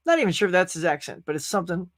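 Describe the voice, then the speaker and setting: A man's voice: high-pitched, racing, no room sound, studio quality. A man hosting a casual pop-culture live stream, rambling through stories and reading viewer comments aloud. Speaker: podcast host.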